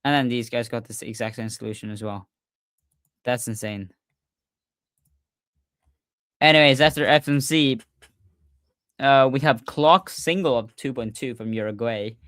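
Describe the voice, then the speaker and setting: A man hosting a casual livestreamed podcast, talking excitedly and often restarting his sentences with fillers. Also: medium pitch, a little slow, pauses often, clear, resonant tone, no echo, clean studio sound. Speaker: podcast host.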